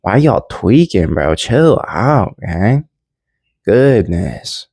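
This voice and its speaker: A man's voice: lowish voice, big pitch swings, drawn-out words, creaky, a little mellow, breathy edge, no echo, studio quality, exaggerated voice. A man voicing Jesus as a laid-back, slangy young guy who can't believe everyone is panicking. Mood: incredulous. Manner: slangy, chill, incredulous.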